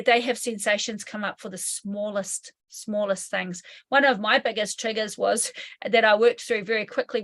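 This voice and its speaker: Frank New Zealand woman, higher voice. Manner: candid, swears casually, acts out inner voices. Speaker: hypnotherapy trainer, guest. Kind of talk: explanatory interview talk.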